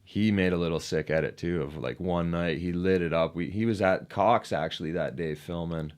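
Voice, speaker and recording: This is a man with a very low voice, chatting casually as a podcast guest. He rambles through a story full of "like" and gets animated as he replays the moments. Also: normal speed. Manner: rambling, lots of "like", animated retelling. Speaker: podcast guest, ramp builder.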